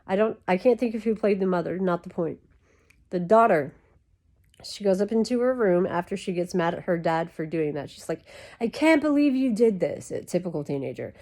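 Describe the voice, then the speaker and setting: A woman's voice: lowish voice, fairly quick, darkish tone. A woman chatting to camera in a rambling, casual way full of "like" fillers, talking while lying down. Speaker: YouTube creator.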